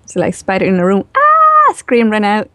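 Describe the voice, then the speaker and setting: A woman guest in a relaxed, chatty interview who laughs easily and uses lots of fillers. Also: mid-range voice, brisk, no room sound. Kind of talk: casual spoken interview.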